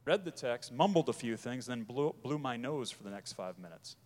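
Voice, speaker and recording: A man preaching a sermon as pastor, emphatic, pressing his points hard and then dropping his voice low. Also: lively intonation, moderate pace, in a large hall.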